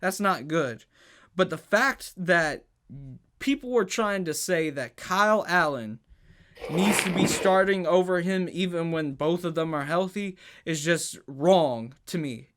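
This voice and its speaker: A man's voice: high voice, unhurried, a bit bright. A man co-hosting a casual sports podcast, heated and emphatic, often stuttering and restarting his sentences.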